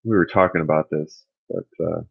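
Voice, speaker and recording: A man hosting a casual livestream, rambling and thinking out loud as he answers his chat. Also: low-pitched, fairly even intonation, normal speed, gravelly, husky, dry recording, phone-quality sound. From California.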